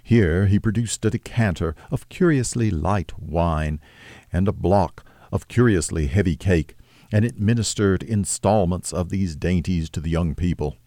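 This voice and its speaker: A man narrating a classic novel as an audiobook, with a steady, measured delivery. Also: sits low, no echo, clean studio sound.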